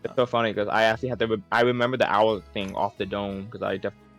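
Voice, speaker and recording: A man with a somewhat low voice tells the story of a tabletop session in a loose, filler-heavy way. He swears freely and keeps it casual. Soft music plays faintly behind him. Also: flat delivery, very fast. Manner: rambling, profane, lots of fillers. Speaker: player giving a session recap. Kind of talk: casual recap of a tabletop game.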